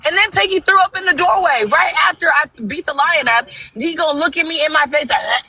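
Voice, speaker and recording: Animated, bright-voiced woman telling stories. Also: high voice, brisk, vocal fry, rough recording. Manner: animated storytelling, profane, acts out quotes. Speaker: TikTok live host. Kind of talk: casual chat.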